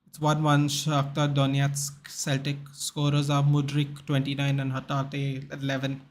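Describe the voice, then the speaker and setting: A man's voice: mid-range voice, monotone, measured pace, few pauses. A young man hosting a live football watchalong stream, chatting casually, answering viewers in the chat and reading out names and match stats.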